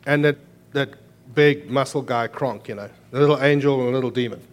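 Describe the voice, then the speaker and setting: A man's voice: mid-range voice, a little fast. Earnest preaching man. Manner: preaching with emphatic raised passages and quieter earnest stretches. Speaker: pastor. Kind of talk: sermon.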